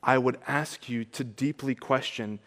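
A man preaching a sermon, earnest and conversational, rising to emphatic peaks and dropping soft. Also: mid-range voice, steady tone, unhurried, long reverb tail. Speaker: pastor.

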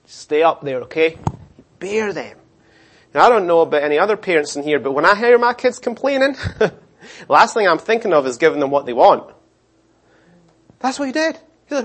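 A middle-aged man preaching a sermon, animated, acting out the voices of the people in his story. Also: high voice, moderate pace. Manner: animated, acts out voices of complainers and God. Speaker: pastor.

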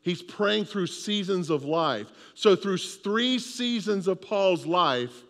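A man's voice: high voice, expressive, takes it slowly, a bit bright, in a large hall. A man preaching a sermon with an emphatic, repetitive cadence. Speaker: pastor.

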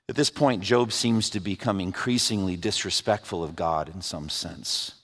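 A man's voice: low-pitched, normal speed, hardly any pauses, fairly bright tone, long reverb tail. A man preaching a sermon. He reads scripture aloud and voices its lament with rising passion.

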